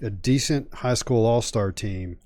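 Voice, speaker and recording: A man's voice: fairly low pitch, a little slow, a little mellow, no echo. A man co-hosting a sports podcast, leading topics in a casual, conversational way and thinking aloud. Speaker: podcast co-host.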